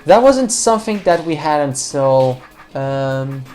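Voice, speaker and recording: A woman's voice: deep voice, animated, slow pace, dark tone, faint music behind. A woman casually commenting on a puzzle game as she plays, rambling and joking, talking to the viewers and the game characters. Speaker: let's play commentator.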